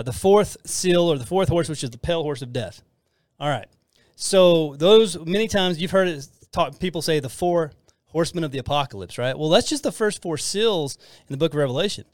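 A man with a slightly high voice teaches scripture to his podcast listeners in an earnest, rambling way. He circles back and restarts his sentences often. The sound is close and dry, with no room around it. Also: lively intonation, moderate pace, no echo. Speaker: podcast host teaching the Bible. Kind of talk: casual Bible teaching.

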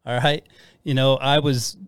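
A middle-aged man chatting casually about faith and marriage, rambling and poking fun at himself as he restarts his sentences. His voice sits at an ordinary pitch. The sound is close and dry. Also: level tone, measured pace, clear, resonant tone, dry recording. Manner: rambling, self-deprecating, with frequent restarts and fillers. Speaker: podcast co-host.

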